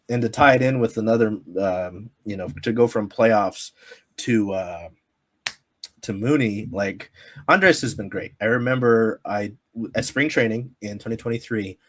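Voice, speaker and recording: A man from the Pacific Northwest telling stories as a guest on a casual sports podcast, rambling with many fillers and laughing often. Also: fairly low pitch. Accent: Pacific Northwest American. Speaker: sports media creator, guest. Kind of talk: casual podcast interview storytelling.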